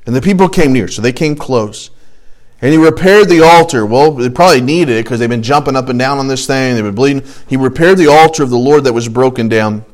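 A man's voice: mid-range voice, a little fast. A man teaching a casual Bible study, reading scripture aloud and adding jokey, conversational asides.

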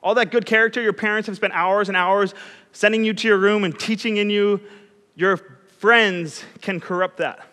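A young man gives a chatty, self-deprecating sermon as a youth pastor, telling stories along the way. His voice sits high and bright. The sound echoes through a large hall. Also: steady tone, normal speed.

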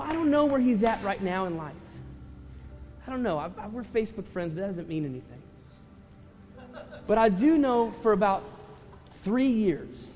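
A man preaching a sermon as pastor, telling a story emotionally, swinging from loud to hushed and tearful at times. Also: high-pitched. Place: church sanctuary. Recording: church hall reverb with music.

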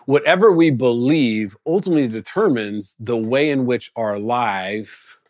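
Recorded without his congregation during lockdown, this male pastor gives a casual sermon in an unhurried, mid-range voice. The sound is studio quality with no echo, and his delivery is conversational, full of lively storytelling and acted-out quotes.

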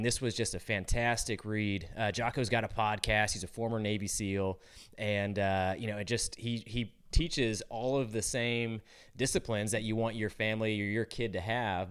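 A man with a low, smooth and clear voice talks through parents' questions as a youth sports coach. His delivery is loose and conversational. He keeps checking in with "you know" and "right?". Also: fairly bright tone. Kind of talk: casual advice talk.

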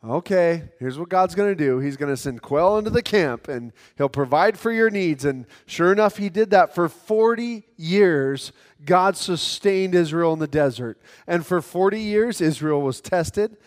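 A male preacher with a fairly high voice delivers an earnest sermon, doubling back on his words as he goes. A long reverb hangs after his phrases, as if he is speaking in a large hall. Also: animated, moderate pace, hardly any pauses. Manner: earnest, repeats words as he restarts. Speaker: pastor.

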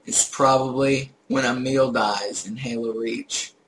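Young guy with a bright clear voice, laughing and telling game stories, faint hiss behind. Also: medium pitch, a little slow, poor audio. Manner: animated storyteller, laughs often. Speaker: podcast co-host. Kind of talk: casual gaming chat.

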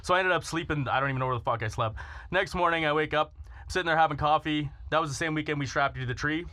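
A man's voice: fairly high pitch, fast, bright, forceful tone, no room sound. A man telling a crude party story on a podcast, swearing constantly and laughing between lines. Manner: profane, laughs through his stories.

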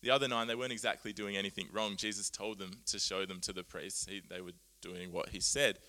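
A man preaching a sermon, earnest and animated, often laughing at himself as he explains Bible words. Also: lowish voice, fast.

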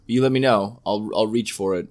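A man co-hosting a podcast in casual chat, rambling and halting with restarts. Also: fairly low pitch, darkish tone. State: throat burning from spicy drink. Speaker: podcast co-host.

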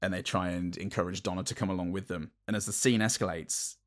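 A man with a somewhat low voice co-hosts a film podcast. He picks over scenes with frequent stops and restarts and a dry sense of humour. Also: steady tone, quick pace. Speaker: podcast co-host. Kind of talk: casual film review chat.

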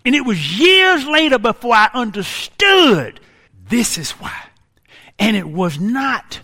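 A pastor in his sixties preaching a sermon, dramatic and animated, acting out wailing laments. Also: very high voice, a little slow. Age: 60s. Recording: long hall reverb.

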